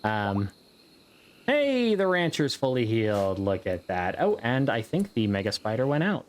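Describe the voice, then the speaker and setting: A man's voice: medium pitch, wildly swooping pitch, a little slow, a little hiss or hum. A man giving casual, rambling gameplay commentary, joking around and swearing freely as he plays. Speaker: gameplay video host.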